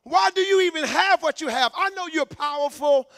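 A man preaching a sermon in a church, fervent, shouting for emphasis and stumbling over repeated words. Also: very high-pitched, normal speed, no echo, clean studio sound.

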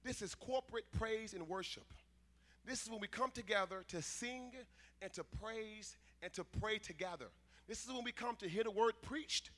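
A man preaching a sermon in church, emphatic and conversational, swinging between loud declarations and quieter asides. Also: sits high, moderate pace. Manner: emphatic preaching, rising to shouts, dropping to asides. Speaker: pastor. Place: church sanctuary.

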